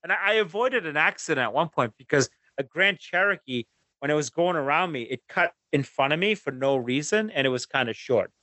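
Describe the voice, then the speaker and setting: A man telling a road trip story in casual podcast chat, animated and swearing, acting out his own rants. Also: on the high side, fairly quick, dry recording.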